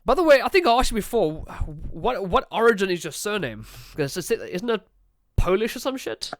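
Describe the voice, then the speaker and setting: A man with a South African accent hosting a casual podcast chat, chatty and laughing often, swearing freely with quick asides. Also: high-pitched, very animated, no room sound, studio quality. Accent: South African English. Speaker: podcast host.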